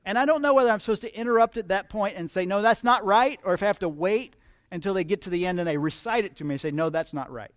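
High-voiced chatty male preacher. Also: racing, no echo, studio quality. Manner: chatty and humorous, asks the audience questions. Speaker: pastor. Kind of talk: conversational sermon.

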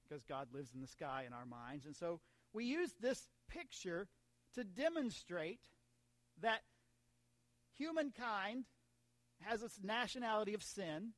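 A man's voice: high-pitched, very animated, a little slow, long pauses, a bit bright, no echo. An American man preaching a sermon in a conversational way, mixing humor and asides with scripture. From United States. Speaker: pastor.

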